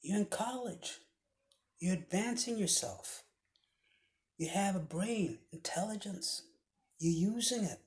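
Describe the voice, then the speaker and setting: A man giving a motivational speech with a preaching cadence, often dropping his voice to a hushed whisper for emphasis. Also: high-pitched, animated, takes it slowly, pauses often. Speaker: motivational speaker.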